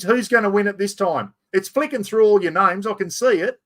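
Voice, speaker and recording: A fairly high-pitched Australian man hosts a casual live stream chat, talking a little fast with few pauses. He rambles cheerfully to his chat, mocks himself as he fumbles with the software, and keeps calling out to the viewers.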